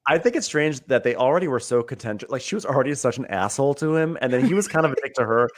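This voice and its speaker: Podcast co-host, male, mid pitch, incredulous, quotes the dialogue in disbelief. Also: expressive, fast. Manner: incredulous, quoting dialogue with mock outrage. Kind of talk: casual chat.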